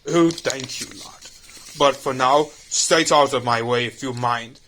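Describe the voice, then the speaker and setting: A smug, theatrical octopus-themed mad scientist, voiced by a man, speaks in a put-on Irish accent. He talks slowly and deliberately. His voice has a bright edge. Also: mid-range voice, slight background noise, natural voice. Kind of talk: fan audio drama.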